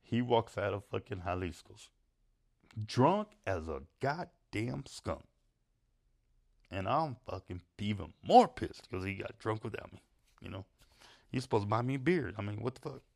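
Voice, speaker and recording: Brief: low, gravelly guy, casual and foul-mouthed, spinning a long yarn. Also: animated, fairly quick, darkish tone. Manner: rambling, swearing, laughing at his own story. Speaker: storyteller. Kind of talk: profane casual storytelling.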